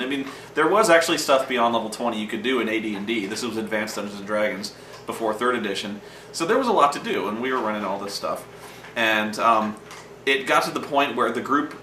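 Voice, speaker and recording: Bright-voiced man rambling in a roomy space. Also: medium pitch, slight background noise. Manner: rambling, profane, acts out quoted lines. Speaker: host telling gaming stories. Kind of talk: casual storytelling monologue. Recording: roomy echo from a distant mic.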